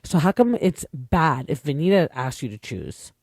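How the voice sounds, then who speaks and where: A man's voice: fairly high pitch, very animated, moderate pace, a little mellow, no echo, studio quality. A young man from Canada, an opinionated podcast host chatting casually through a reality TV recap with lots of fillers.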